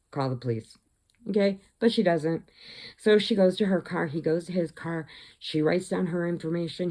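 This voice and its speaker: Here a middle-aged female vlogger, her voice deep and marked by vocal fry, walks through a movie's story in an easygoing way. Lively in the telling, she acts out dialogue and occasionally lowers her voice to a whisper.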